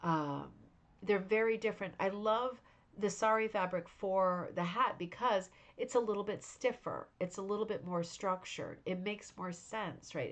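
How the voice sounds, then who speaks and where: A woman of middling pitch hosts a relaxed craft club stream from home, worn out and yawning. She heaps praise on each piece in loose, chatty talk full of fillers. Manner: warm, effusive praise with frequent fillers. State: tired, yawning. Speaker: host of a rug hooking club show. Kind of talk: casual livestream chat reviewing viewers' crafts.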